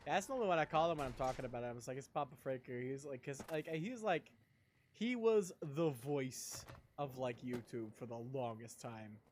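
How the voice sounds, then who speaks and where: A man's voice: medium pitch, normal speed, a little hiss or hum. A young man live-streaming, chatting casually in a rambling, profane way and laughing a lot. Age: young adult.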